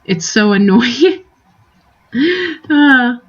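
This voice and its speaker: A woman's voice: fairly high pitch, drawn-out words, muffled recording. A young woman chatting casually on a live stream, rambling and giggly, drifting into tangents.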